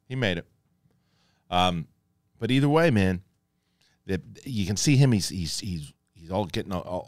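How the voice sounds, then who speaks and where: A man gives a casual spoiler review in a fairly low voice. He talks excitably and rambles, often restarting his sentences. The recording sounds close and dry. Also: no room sound. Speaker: host reviewing a TV episode.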